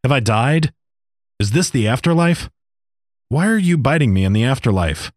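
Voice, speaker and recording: A man's voice: mid-range voice, lively intonation, normal speed, dry recording, voice pushed up, close to an everyday voice. A man voicing a parched, bewildered stranded man who fires off anxious questions.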